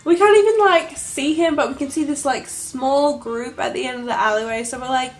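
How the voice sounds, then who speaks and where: A young woman telling an excited vlog story, gushing and breathless, full of "like" and "oh my god". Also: high-pitched, brisk. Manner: gushing, breathless, heavy use of "like". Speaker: vlogger.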